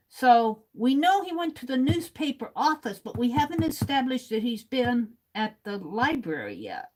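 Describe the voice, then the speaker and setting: A woman's voice: high voice, big pitch swings, a little slow, few pauses. A woman hosting a livestream, reading viewers' comments aloud and chatting casually while she writes. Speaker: livestream host.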